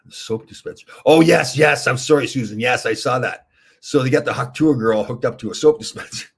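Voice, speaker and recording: A man's voice: mid-range voice, a little fast, husky. A middle-aged man hosting a casual livestream, chatting in a rambling way and reading viewer comments aloud. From Canada. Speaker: livestream host answering chat. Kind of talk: casual chat.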